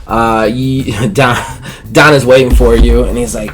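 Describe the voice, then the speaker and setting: A man's voice: mid-range voice, fairly even intonation, measured pace, soft background music. Rambling male game master. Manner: rambling with many fillers and restarts. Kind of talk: narrating a tabletop game.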